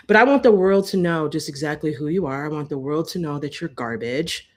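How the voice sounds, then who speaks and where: A woman's voice: low voice, a little mellow. Heated, profane woman ranting on a live stream. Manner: heated, profane, rhetorical and repetitive. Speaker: host. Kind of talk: live-stream commentary rant. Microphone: phone live stream.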